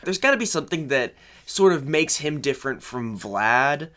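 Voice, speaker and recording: With a bright, forceful, expressive mid-range voice at normal speed, a young man gives improvised commentary from his room at home, wandering off into self-deprecating remarks. The audio comes from a separate microphone synced to the camera.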